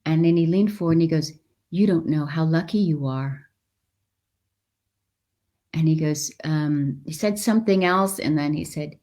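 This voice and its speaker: A middle-aged woman being interviewed tells a personal story, animated and voicing the people in it. Her voice sits low, her pace is moderate, and she leaves long pauses.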